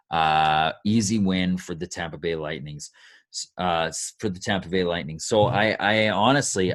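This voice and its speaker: A man co-hosting a casual sports podcast, giving his take hesitantly with restarts. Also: sits low. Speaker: podcast co-host.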